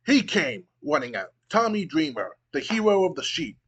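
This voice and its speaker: A man voicing a nervous, overeager male wrestling sidekick in a frantic, high-pitched voice. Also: big pitch swings, moderate pace, fairly bright tone, slightly rough, full character voice.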